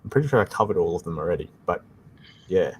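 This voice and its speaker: Low-voiced Australian man explaining networking. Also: lively intonation, quick pace, breathy edge. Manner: explanatory, casual, repeats "like I said". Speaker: tech support co-host. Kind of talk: live-stream tech Q&A chat.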